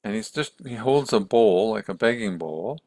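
A man's voice: lowish voice, animated, normal speed, darkish tone, no echo. A man casually retelling a story in a conversational way, with many restarts and acted-out quotes.

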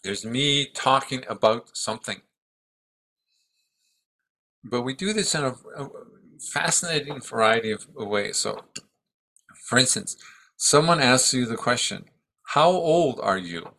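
Seventy-something guy musing on the self, kinda halting, bright voice. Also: medium pitch, creaky. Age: 70s. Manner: thoughtful, halting, restarts often. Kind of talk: reflective dharma talk.

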